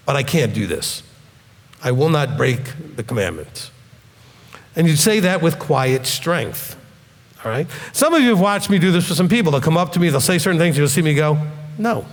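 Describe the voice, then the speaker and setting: A man's voice: fairly high pitch, gravelly. A man teaching in a question-and-answer session. He explains patiently and often checks in with "okay?". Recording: long hall reverb.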